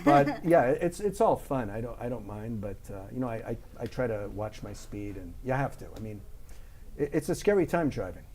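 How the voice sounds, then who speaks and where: A man's voice: medium pitch, very animated, a little mellow, a little hiss or hum. Joking Canadian man, guest impressionist. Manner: jokey, quick with punchlines. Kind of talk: casual interview chat.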